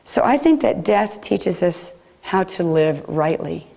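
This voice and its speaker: Low gravelly-voiced woman preacher. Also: lively intonation, unhurried. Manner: gentle, reflective delivery. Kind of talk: sermon. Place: chapel.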